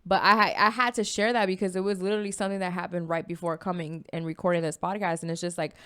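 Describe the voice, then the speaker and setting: A woman co-hosting a podcast in casual chat, telling a personal story with lively energy and acting out her own quoted words. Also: fairly low pitch, quick pace, clean tone. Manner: animated storytelling, acts out her own quoted words, frequent "you know what I mean". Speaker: podcast co-host.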